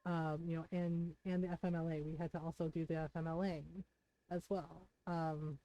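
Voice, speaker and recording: Woman, streamer, casual storytelling, earnest and personal, lowish pitch, mellow warm tone. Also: little pitch movement, normal speed, no echo, dull audio. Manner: earnest, personal, retelling conversations in detail.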